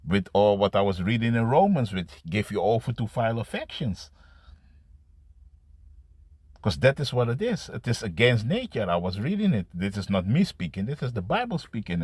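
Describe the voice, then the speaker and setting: A man preaching an improvised scripture sermon to camera. He talks in a halting, repetitive way, restarting words and tagging lines with "man" and "you see.". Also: medium pitch, darkish tone, husky, no echo. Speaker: street-style preacher.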